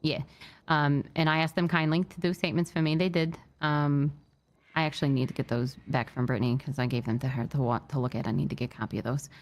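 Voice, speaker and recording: A woman playing a state trooper in a roleplay, telling what happened in an upset but measured way, with many fillers and restarts. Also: deep voice, steady tone. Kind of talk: in-character roleplay briefing.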